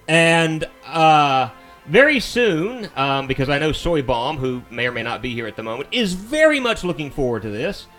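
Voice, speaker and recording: A man's voice: on the high side, fairly bright tone. Chatty man with a mild Southern accent. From Alabama, US. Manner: chatty and rambling, easy-going. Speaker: game streamer. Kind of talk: casual live-stream chat while playing.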